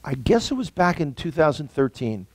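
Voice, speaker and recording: A man with a New York accent chats as a guest, his voice swinging widely in pitch as he jokes. The sound is dry and close, over a video call. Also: moderate pace, no room sound. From the Bronx, New York. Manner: animated, joking asides. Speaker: guest, tour guide. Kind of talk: casual conversation.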